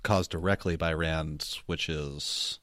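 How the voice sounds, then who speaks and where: A man with a very deep voice, chatting casually on a podcast with a wry, laughing manner. His voice is recorded dry and close, with no room sound. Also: steady tone, takes it slowly, a bit bright, no room sound. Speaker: podcast co-host. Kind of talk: casual book discussion.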